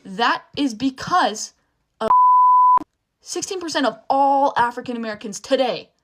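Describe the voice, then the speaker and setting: A woman's voice: high-pitched, expressive, measured pace, background noise. A young woman ranting to camera in a heated, angry vlog, swearing often and restarting her sentences. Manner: restarts and filler "like". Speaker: vlogger. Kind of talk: impassioned rant to camera.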